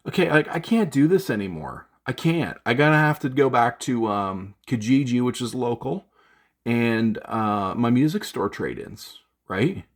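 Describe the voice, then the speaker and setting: A man's voice: medium pitch, animated, unhurried. A man venting in an unscripted vlog from his home studio, rambling with fillers and restarts. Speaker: gear vlogger.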